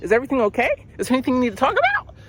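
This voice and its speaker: A man's voice: very high voice, wildly swooping pitch, very fast, a bit bright, husky, voice pushed up, full character voice. A man voicing a caring woman caseworker who asks repeated worried questions in a raised voice. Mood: concerned.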